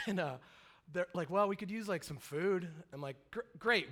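A man's voice: high voice, lively intonation, brisk, pushed and bright. A man in his thirties, a pastor telling a story in a sermon, casual and chatty, with many fillers and asides.

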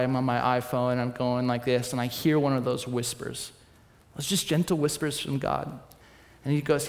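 A man preaching a sermon, telling stories in a lively, animated way, swinging between soft asides and excited bursts. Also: medium pitch, normal speed, in a large hall. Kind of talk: sermon with personal storytelling.

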